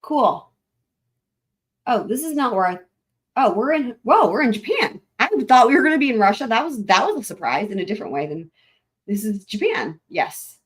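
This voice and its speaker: A woman's voice: fairly high pitch, sing-song, moderate pace, husky. A woman hosting a casual livestream, chatting with her viewers in a rambling, laughing way, with a lilt. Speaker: livestream host.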